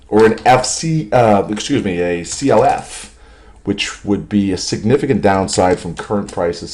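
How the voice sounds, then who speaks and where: A man giving a casual, jokey stock market commentary over charts, self-amused and animated. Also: lowish voice.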